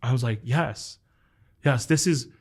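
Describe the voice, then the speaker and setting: In a heartfelt interview, a male American podcast host with a mid-range voice and measured pace recounts a family story. He sounds earnest and emotional, leans on "like" as a filler, and talks warmly and directly to his guest.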